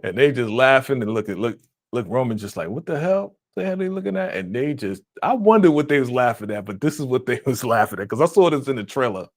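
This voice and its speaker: Man, casual live-stream reaction host, lively laughing delivery, dry close mic. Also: mid-range voice, fast, no echo. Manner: animated, laughing, acts out quotes in raised voice.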